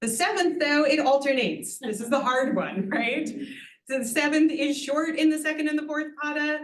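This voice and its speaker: A woman's voice: high voice, normal speed. Woman teaching to a room, light echo. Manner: patient, explanatory, asks "right?" for agreement, lightly humorous. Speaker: Sanskrit teacher. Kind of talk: introductory lecture to an audience. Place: university event room with audience.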